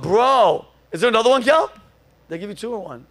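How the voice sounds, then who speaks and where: Animated laughing man telling a story. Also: high-pitched, fairly quick, crowd noise. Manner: animated, laughing, acts out quotes. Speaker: comedy podcast host. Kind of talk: casual comedic storytelling.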